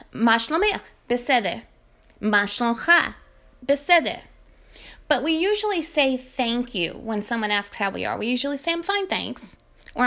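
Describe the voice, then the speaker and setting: A woman giving a casual spoken language lesson. She explains patiently and says the example phrases slowly and carefully. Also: fairly high pitch, fairly bright tone. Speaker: language teacher.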